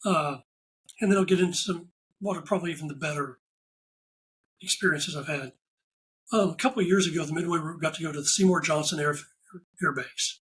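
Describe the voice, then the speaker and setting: A man talking as a podcast guest. He tells stories in a casual, animated way and acts out the lines of the people in them. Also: on the high side, fairly quick, long pauses, slight background noise, poor audio. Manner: animated anecdotal storyteller, acts out quoted dialogue. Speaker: podcast guest, ride photographer. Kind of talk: casual interview storytelling.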